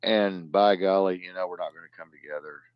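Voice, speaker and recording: A man hosting a live-stream news talk show, ranting in profane outbursts that swing from loud to low muttering. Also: steady tone, a little fast, clean tone, no echo. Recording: dull lo-fi dry sound.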